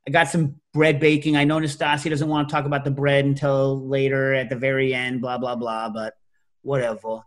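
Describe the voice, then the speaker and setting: A middle-aged man hosting a podcast, telling stories in a casual, animated way and breaking into loud shouted impressions. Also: mid-range voice, brisk. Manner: animated storytelling, mimics loud New York shouts. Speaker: podcast host. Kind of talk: casual chat.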